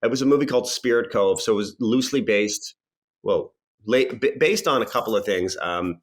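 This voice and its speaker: A man, an actor and comedian, chatting as a podcast guest and telling stories in a lively way with frequent restarts. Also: fairly low pitch, a little fast. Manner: lively storyteller with laughs and restarts. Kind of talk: casual podcast interview.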